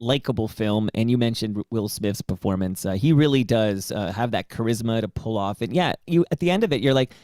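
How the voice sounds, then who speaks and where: A man co-hosting a sports podcast, asking a question in a relaxed, halting way. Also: lowish voice. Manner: relaxed, hesitant with fillers. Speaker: podcast co-host. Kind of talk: casual podcast chat.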